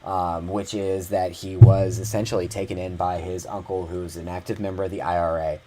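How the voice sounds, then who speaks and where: A man co-hosting a podcast, talking in a relaxed chatty way with halting restarts. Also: low-pitched, soft background music. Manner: chatty, with halting restarts and frequent "you know". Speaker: podcast co-host. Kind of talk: casual chat.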